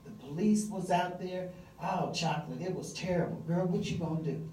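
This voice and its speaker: A woman's voice: fairly low pitch, a little fast, dark tone, recorded from a distance, a little hiss or hum, close to an everyday voice. Nosy neighbor woman done by a female storyteller, gossipy, breathless, dramatic, roomy live-stage sound. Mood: gossipy, eager.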